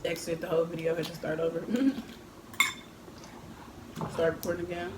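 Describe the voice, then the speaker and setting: A woman's voice: fairly low pitch, little pitch movement, moderate pace. Young woman, casual eating vlog, echoey room, noisy background. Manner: chatty, joking, talks to viewers and her baby son. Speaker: mukbang vlogger. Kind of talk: casual talk while eating on camera.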